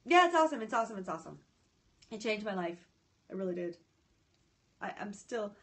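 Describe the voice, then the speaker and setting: Brief: woman, high voice, chatty livestream host, greets viewers, excitable and scattered. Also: fairly quick. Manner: excitable, often breaks off mid-sentence. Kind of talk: casual live chat. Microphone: phone or tablet.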